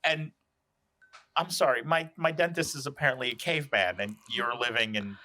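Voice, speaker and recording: A man co-hosting a podcast in casual chat, quick with sarcastic quips and casual swearing. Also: medium pitch, pushed and bright, a little hiss or hum. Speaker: podcast co-host.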